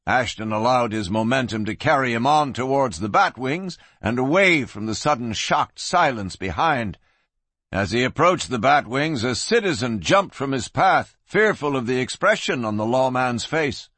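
A man narrating a western with a husky, lively voice that rises and falls with the action. He slows down for tense moments and tells the story with drama. Dry, close-miked sound. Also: mid-range voice, dry recording. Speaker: audiobook narrator.

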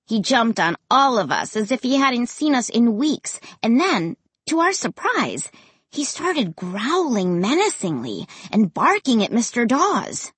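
A woman reading a first-person children's story aloud in an expressive, animated way. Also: fairly high pitch, measured pace, slightly rough, dry recording. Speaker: audiobook reader.

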